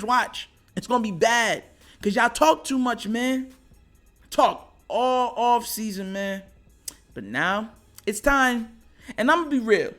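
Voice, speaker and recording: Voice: mid-range voice, a bit bright. A sports show host ranting casually as a fan, with slangy trash talk and frequent laughter between lines.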